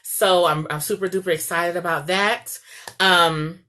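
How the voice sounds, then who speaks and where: Bright-voiced woman giving chatty marriage advice. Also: on the low side, fairly even intonation, a little slow. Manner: chatty, repeats "okay?" to the viewer. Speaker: marriage coach. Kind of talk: casual advice talk.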